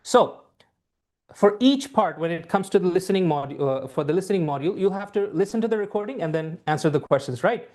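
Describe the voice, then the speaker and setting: A man teaching a live online class over a video call, speaking in a measured way and repeating phrases for emphasis. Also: high voice, expressive, a little mellow. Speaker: IELTS teacher.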